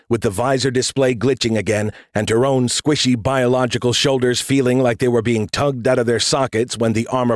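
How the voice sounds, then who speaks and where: Male audiobook narrator, measured storytelling delivery, mid pitch, dry booth sound. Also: no echo. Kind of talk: scripted narration.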